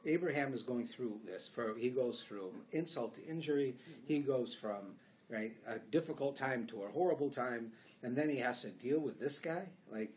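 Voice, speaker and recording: A man's voice: medium pitch, normal speed, slight background noise. A man with a Canadian accent, a rabbi giving a conversational Torah class in a synagogue, telling stories and acting out bits of dialogue as he goes. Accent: Canadian English. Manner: conversational, animated storytelling with acted-out dialogue.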